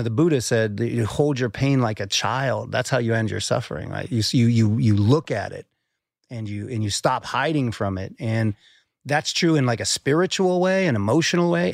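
A man's voice: medium pitch, gravelly, dry recording, clean studio sound. A man talking candidly as a podcast guest, intense, swearing freely and repeating words as he works through a thought. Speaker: podcast guest, endurance athlete. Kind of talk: candid conversational interview.

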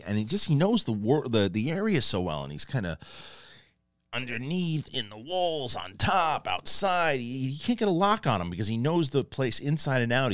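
A male host giving an excited, rambling spoken review of a TV episode and acting out lines as he goes. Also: medium pitch, no room sound, studio quality.

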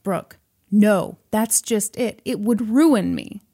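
A woman voicing a dramatic young female fitness celebrity with a loud, melodramatic delivery. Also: mid-range voice, slow, breathy edge. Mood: secretive.

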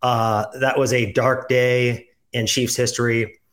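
A man's voice: medium pitch, level tone, takes it slowly, fairly bright tone. Wry male sports podcast co-host. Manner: wry, joking, pun-loving. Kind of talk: casual sports chat.

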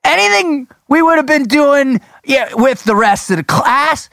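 Excitable male podcast host, dry sound. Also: very high voice, unhurried, creaky, dry recording. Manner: excitable, animated storyteller. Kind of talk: casual chat and storytelling.

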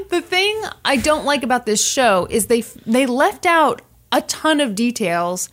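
A woman's voice: fairly high pitch, very animated, slow, a bit bright. A woman co-hosting a podcast, retelling a story in casual comedic chat and laughing often. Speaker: podcast co-host.

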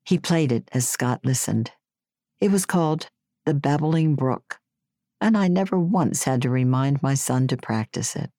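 A woman reading her personal memoir aloud in a wry, gently humorous way. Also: rumbling low, lively intonation, a little slow, no room sound, studio quality. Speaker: memoir narrator.

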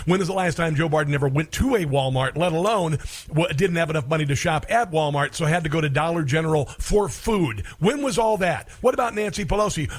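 A man's voice: a little high, husky. A man hosting a talk radio show, giving sarcastic and combative commentary.

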